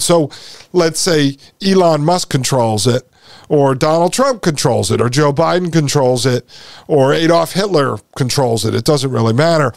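A man's voice: a little high, no room sound, clean studio sound. A man hosting his own podcast, talking straight to his listeners in an emphatic solo monologue. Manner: emphatic, talks directly to listeners. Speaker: podcast host.

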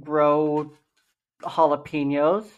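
A man's voice: fairly high pitch, level tone, extremely slow, lo-fi sound. A young man co-hosting a casual podcast, upbeat and joking about himself, doing the ad reads in a salesy way. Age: young adult. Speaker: podcast co-host. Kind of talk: casual podcast chat and ad read.

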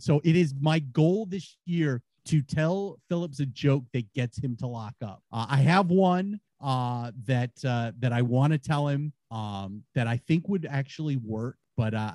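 A man guest on a casual podcast, telling stories and jokes in an animated, laughing way. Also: mid-range voice, no room sound. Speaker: guest, former radio host.

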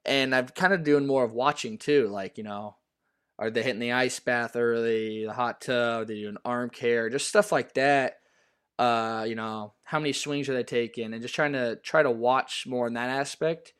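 A man's voice: mid-range voice, fairly even intonation, fairly bright tone, clear, resonant tone. A young man, a baseball player, talking casually as an interview guest with many fillers and restarts. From US Pacific Northwest. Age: young adult. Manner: halting, full of fillers and restarts.

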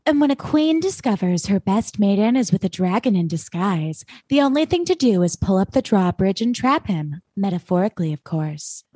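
A woman's voice: mid-range voice, big pitch swings, moderate pace, hardly any pauses, warm tone, breathy edge, no room sound. Chatty woman in dry close recap talk. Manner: chatty, full of likes, acts out quotes. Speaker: podcast co-host. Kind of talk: casual recap chat.

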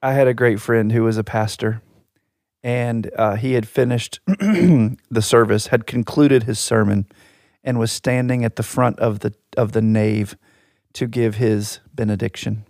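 A man's voice: medium pitch, steady tone, a little slow, a little mellow, no echo. A middle-aged man co-hosting a podcast, telling stories with dry, wry humor in casual chat. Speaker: podcast co-host.

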